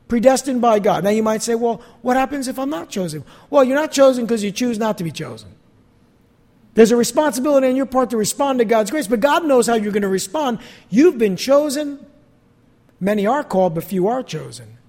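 A man preaching a sermon as pastor, with emphatic slow stresses and swings between loud and soft. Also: sits high, in a large hall.

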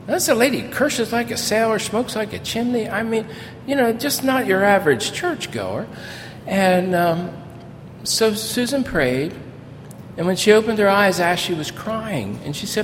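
Older man, pastor, folksy storytelling sermon, long hall reverb, faint rumble. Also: a little slow. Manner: folksy, storytelling, animated in places. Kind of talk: sermon with personal stories.

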